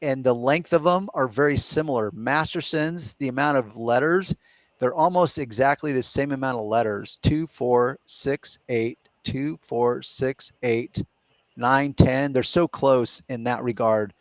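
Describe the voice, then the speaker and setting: A man's voice: mid-range voice, a little slow, no echo. Man explaining at length, dry sound. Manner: explains step by step, reasoning aloud. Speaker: podcast host. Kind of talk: casual live Q&A chat.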